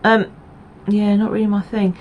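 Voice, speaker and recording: A woman's voice: mid-range voice, level tone, normal speed, lo-fi sound, a little hiss or hum. Chatty woman rambling to camera. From Essex, England. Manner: rambling, chatty, with many ums and asides. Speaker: knitting podcast host. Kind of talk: casual chat to camera.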